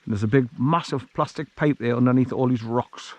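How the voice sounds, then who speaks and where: A chatty vlogger walks his dog on a countryside hill track outdoors, narrating casually in medium pitch, a little fast, with a darkish tone. He rambles and chuckles frequently, recorded on an action camera carried while walking.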